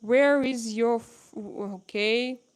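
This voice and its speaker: A young woman with a Russian accent, a native Russian speaker hosting a casual livestream, reading viewer comments aloud in halting English full of fillers. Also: a little high, clean tone. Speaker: livestream host.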